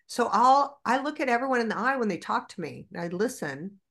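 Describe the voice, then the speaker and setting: A woman's voice: fairly high pitch, fairly quick. A woman in her forties, a podcast guest, telling stories candidly and animatedly with plenty of swearing. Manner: animated, profane storyteller.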